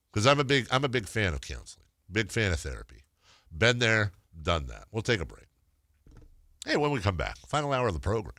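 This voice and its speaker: Animated, bright-voiced sports radio host man. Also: fairly low pitch, dry recording, clean studio sound. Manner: animated, sarcastic, jokey with sudden loud outbursts. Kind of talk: sports talk radio banter. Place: radio studio. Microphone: studio microphone.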